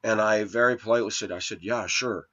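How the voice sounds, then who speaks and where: Man, lower voice, aggrieved monologue vlogger, muffled lo-fi audio. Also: steady tone, brisk, bright, forceful tone. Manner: aggrieved, complaining, voice rising when quoting arguments. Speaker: vlogger telling a personal story. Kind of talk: rambling first-person monologue. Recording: lo-fi dull sound.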